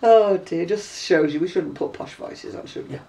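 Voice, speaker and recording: Chatty older Lancashire woman, gravelly. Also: on the low side, normal speed, dark tone. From Oldham area, northwest England. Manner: chatty, laughs while telling stories. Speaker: host. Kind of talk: casual chat. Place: living room at home, indoors. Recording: distant camera mic in a room.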